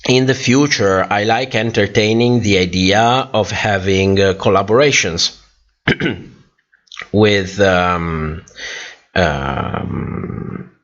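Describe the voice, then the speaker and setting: A tired man with a very deep voice hosts a relaxed livestream, unhurried and rambling through fillers as he reads comments. His voice sounds worn out, and the dull, lo-fi stream audio takes the edge off it. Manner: rambling, many fillers and restarts. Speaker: livestream host. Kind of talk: casual livestream chat reading comments.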